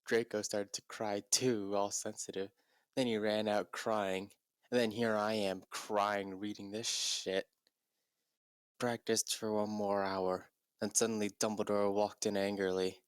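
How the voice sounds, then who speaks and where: A young man giving a comedic dramatic reading in a deadpan voice, with exasperated asides. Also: fairly low pitch, a little slow, smooth, no room sound. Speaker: YouTuber.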